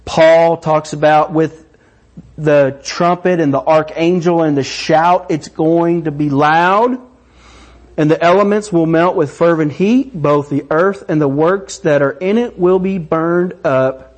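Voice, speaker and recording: Man preaching, middle-aged, animated, fairly high voice, excited delivery. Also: measured pace. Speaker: pastor. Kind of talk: sermon.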